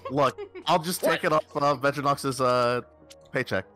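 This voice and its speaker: A man's voice: medium pitch, normal speed, bright, forceful tone, faint music behind. A man chatting during an online card game, laughing and wisecracking. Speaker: streamer in a group game. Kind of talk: casual chat while gaming.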